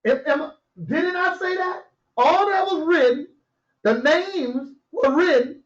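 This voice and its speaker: A man teaching scripture like a preacher. He reads verses slowly and then explains them in a casual, conversational way, often chuckling to himself. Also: extremely high pitch. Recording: roomy, dull lo-fi audio.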